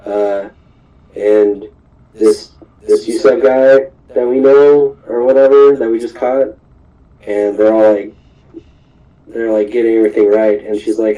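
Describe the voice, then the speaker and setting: Brief: low-voiced man, unhurried, loose rambling recap of an episode. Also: fairly even intonation, dark tone, rough recording. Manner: rambling, many ums and restarts. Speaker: podcast host. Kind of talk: casual recap of a cartoon episode.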